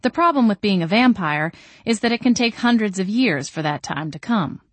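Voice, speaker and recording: A woman reading a first-person novel aloud in a calm, measured audiobook narration. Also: medium pitch, no room sound.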